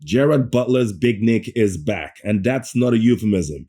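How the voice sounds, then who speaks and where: A man giving a ranting, sarcastic movie review, animated and swearing, often stumbling and restarting mid-sentence. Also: lowish voice, normal speed. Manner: sarcastic, animated rant with profanity.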